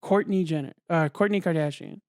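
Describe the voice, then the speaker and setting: A man's voice: a little high, fairly quick, no room sound, clean studio sound. A young man co-hosting a podcast in loose, casual chat. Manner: loose, laughs easily. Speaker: podcast co-host.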